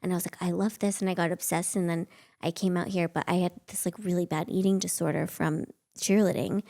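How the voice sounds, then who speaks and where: Gravelly-voiced woman telling rambling stories. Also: on the low side, fairly even intonation, fairly quick, dark tone. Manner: rambling storytelling, many fillers like "like". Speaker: podcast guest, actress. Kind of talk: casual chat.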